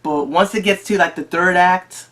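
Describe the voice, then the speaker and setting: An eager movie reviewer chatting straight to the audience in a casual vlog. The delivery is excitable, with frequent restarts and doubled words. Pitch sits in a middle range. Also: moderate pace. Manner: excitable, repeats and restarts phrases.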